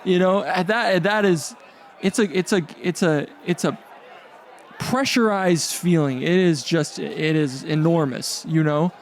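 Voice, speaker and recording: A man doing a rambling, crude stand-up comedy set on a club stage, halting with fillers and restarts. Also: on the high side.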